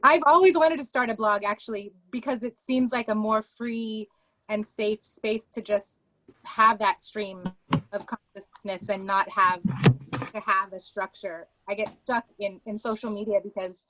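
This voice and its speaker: A woman in an online writing workshop, musing aloud in an unhurried way over a video call. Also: medium pitch, fairly even intonation, a bit bright, poor audio. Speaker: workshop participant.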